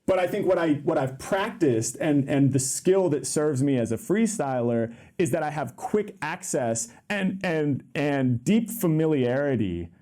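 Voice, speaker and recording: A man's voice: a little high, lively intonation, measured pace, hardly any pauses, mellow. A man being interviewed as a freestyle rapper, explaining his craft in a reflective, thinking-aloud way. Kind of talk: interview conversation.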